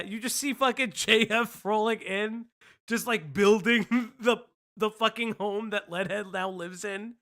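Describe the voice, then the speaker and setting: A man's voice: high voice, sharp tone. A man hosting a casual commentary stream, rambling, laughing often and swearing.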